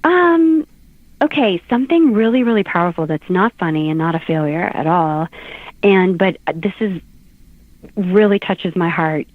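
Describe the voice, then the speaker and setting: A woman's voice: on the low side, moderate pace, no echo. A middle-aged woman, a guest author, telling funny stories in casual talk-show chat. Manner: animated storyteller, laughs often. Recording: tinny phone-like line.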